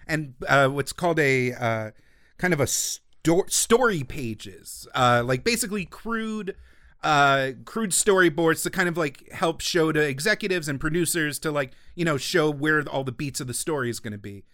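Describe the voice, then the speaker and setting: A man's voice: a little high, animated, normal speed, pushed and bright, dry recording, studio quality. A man co-hosting a film podcast, explaining in a loose, filler-heavy way. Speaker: podcast co-host. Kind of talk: casual film discussion.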